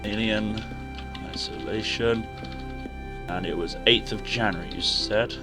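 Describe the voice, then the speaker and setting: A rambling man with a low voice, hoarse from a sore throat, talks casually to his viewers while he plays. Music runs clearly underneath. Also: measured pace. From England. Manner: chatty, rambling, talks to chat while playing. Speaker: game streamer. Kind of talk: casual live-stream gaming commentary. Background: background music.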